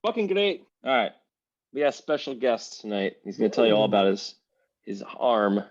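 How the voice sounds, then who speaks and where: A man hosting a podcast, telling a family story in a relaxed, joking way. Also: fairly low pitch, normal speed, no room sound. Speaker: podcast host. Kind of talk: casual podcast chat. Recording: dull, dry lo-fi sound.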